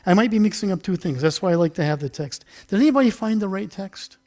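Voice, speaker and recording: Chatty high-voiced pastor preaching. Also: male voice, lively intonation, quick pace, a little mellow. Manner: chatty, self-deprecating, acts out the story with volunteers. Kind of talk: casual interactive sermon. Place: church sanctuary.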